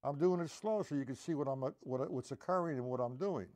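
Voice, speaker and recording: Loud drumming sits behind this man's voice as he runs a live-streamed drum lesson. Speaking fairly quickly in a mid-range voice, he counts beats out loud and checks in with viewers.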